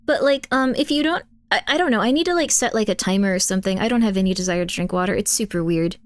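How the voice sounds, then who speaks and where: A woman streamer chats casually and fast with her audience in a medium-pitched voice, reacting to chat and videos. She rambles through filler words and laughs often.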